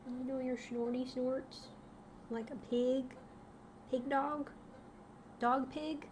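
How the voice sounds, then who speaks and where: A woman's voice: high-pitched, flat delivery, takes it slowly, warm tone, a little hiss or hum. A young woman streamer chatting casually and cooing baby talk at her dogs. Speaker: livestreamer. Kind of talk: casual livestream chat.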